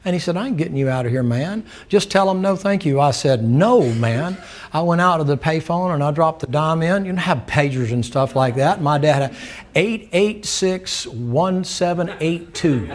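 A man's voice: on the high side, lively intonation, moderate pace. An older man preaching a sermon, telling a folksy story, laughing and acting out the dialogue.

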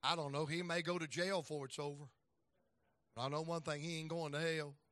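A middle-aged man preaching a sermon as an evangelist, telling folksy stories and acting out voices, swinging from loud to soft. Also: on the high side, fairly even intonation, a little fast, no echo, studio quality.

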